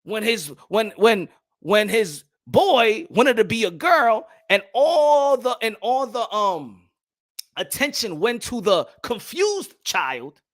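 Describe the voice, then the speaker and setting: A young man hosting a boxing talk show and ranting loudly, repeating himself, with sudden swings from shouting to low muttering. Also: big pitch swings, slow. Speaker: boxing commentary host. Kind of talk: animated opinion rant.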